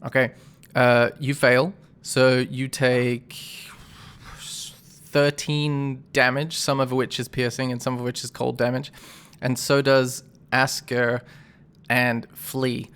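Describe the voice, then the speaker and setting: A man's voice: medium pitch, level tone, slow, a bit bright, clear, resonant tone. A man running a tabletop game as game master, narrating combat in a casual, rambling way with many fillers.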